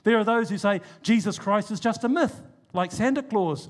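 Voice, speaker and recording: A man preaching a sermon, stressing key words by slowing down and dropping low and quiet for asides.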